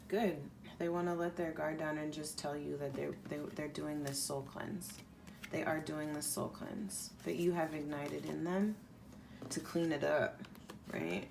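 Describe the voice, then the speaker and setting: A woman with a lowish voice gives a pick-a-pile tarot reading at an unhurried, drawn-out pace. Her talk is casual and rambling, full of "like". A steady background noise sits clearly under the recording. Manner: casual, rambling, heavy use of "like". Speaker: tarot reader.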